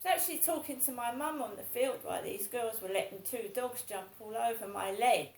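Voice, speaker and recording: A woman's voice: on the high side, a little fast, echoey room, slight background noise, low-quality recording. A woman in her fifties talking in a casual monologue, rambling and repeating herself in an aggrieved way. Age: 50s. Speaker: vlogger.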